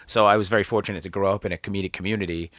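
A man's voice: sits low, rapid-fire, dry recording. A man from Canada with a Canadian accent, a guest comedian telling stories in casual chat, laughing often and acting out voices. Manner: animated storyteller, laughs often, acts out voices.

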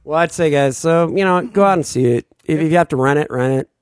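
A man's voice: a little high, fast talker, smooth, no room sound, studio quality. A man hosting a podcast in casual chat, laid-back and chuckling often. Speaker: podcast host.

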